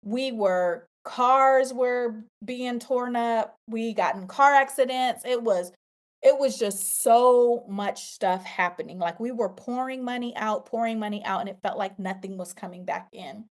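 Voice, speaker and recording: A middle-aged woman, a podcast host and coach, telling a personal story in a casual, animated way and talking straight to her listeners. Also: on the high side, a little slow. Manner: animated, conversational, addresses listeners as y'all.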